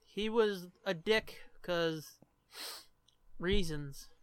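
Bright, smooth-voiced joking podcast co-host. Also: medium pitch, dry recording, clean studio sound. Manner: animated, joking, swears freely, talks fast in bursts. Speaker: co-host of a movie commentary podcast. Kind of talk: casual commentary chat over a movie.

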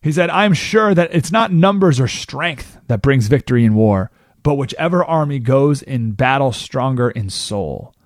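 A man hosting a radio talk show, telling a history story in a casual, lively way and acting out the people's lines. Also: medium pitch, normal speed, dry recording, clean studio sound. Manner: casual, animated storytelling, acting out quotes in voices. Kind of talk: radio monologue retelling history.

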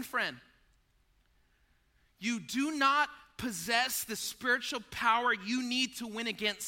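A male pastor with a very high voice gives an animated, conversational sermon. He addresses listeners like friends and acts out scenes from a story.

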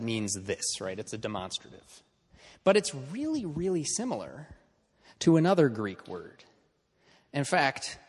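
A man's voice: fairly high pitch, breathy edge, big-room sound. A man teaching an in-person class in a conversational lecture style, checking in with his students as he explains.

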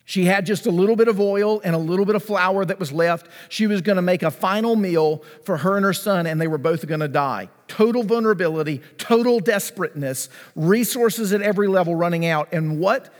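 A man preaching a sermon in a high, light voice, his words ringing with long reverb through a large hall. He is emphatic, drops to a hush and then rises, and repeats key phrases for weight. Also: brisk, few pauses. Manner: emphatic, repeats key phrases, swings between hushed and rising delivery. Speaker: pastor.

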